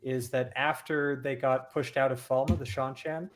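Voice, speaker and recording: A man's voice: medium pitch, steady tone, moderate pace, slight background noise. A man in a casual fan discussion, explaining story details at length. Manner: detailed, explanatory lore talk. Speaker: podcast panelist.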